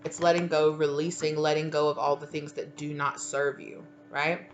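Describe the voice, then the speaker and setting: A woman's voice: deep voice, flat delivery, normal speed. A woman giving a casual, rambling channeled tarot reading, full of "like" and "okay". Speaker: tarot reader.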